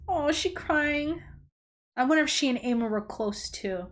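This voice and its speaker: A woman hosting a reaction video, blunt and animated, swearing freely and exclaiming as she chats. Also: high voice, moderate pace. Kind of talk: casual reaction commentary.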